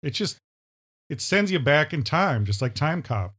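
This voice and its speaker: A man's voice: on the high side, sing-song, a little slow, a bit bright. A man from Minnesota co-hosting a casual chat show, enthusiastic and fond of repeating the word "powerful". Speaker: podcast co-host.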